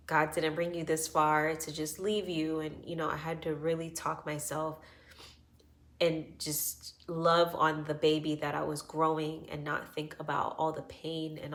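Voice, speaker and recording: A woman in her thirties with a low voice tells her birth story to camera. She speaks earnestly and reassuringly, with many fillers, and her voice is close to tears.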